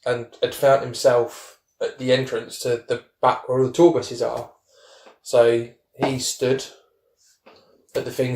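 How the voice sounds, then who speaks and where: A man's voice: medium pitch, vocal fry, a little mellow, roomy sound. A man telling rambling stories in a casual podcast chat. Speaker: podcast host.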